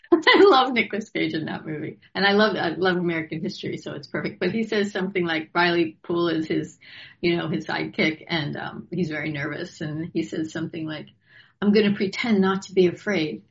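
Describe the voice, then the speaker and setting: Low gravelly-voiced woman chatting. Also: brisk, fairly bright tone. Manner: reflective, laughs often. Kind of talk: casual chat. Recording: slightly dull lo-fi sound.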